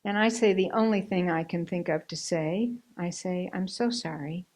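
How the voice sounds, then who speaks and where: A woman minister with a slightly low voice tells a personal story from the pulpit in an earnest way. She gives life to the dialogue she quotes, and in quieter passages she drops to a hushed, nearly whispered reading of verse. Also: normal speed, rough recording. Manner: hushed, whispered recitation of a poem. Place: church sanctuary.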